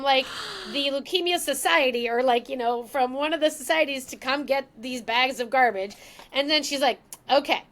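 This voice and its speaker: A woman's voice: high voice, moderate pace. A woman as a podcast guest, telling an emotional personal story and acting out the lines of the people in it. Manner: emotional, animated, acts out quoted lines.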